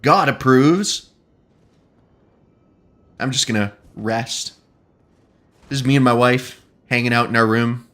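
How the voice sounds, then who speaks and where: A man's voice: medium pitch, slow, long pauses, a bit bright. A man streaming a video game, chatting casually and joking with his viewers, often breaking into laughter. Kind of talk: casual gaming commentary.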